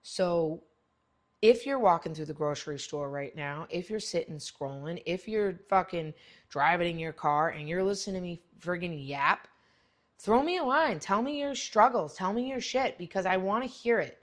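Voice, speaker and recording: A middle-aged woman hosting a podcast, talking bluntly in a rambling, profane monologue that jumps to loud, high exclamations. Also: normal speed. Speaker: podcast host. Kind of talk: casual monologue.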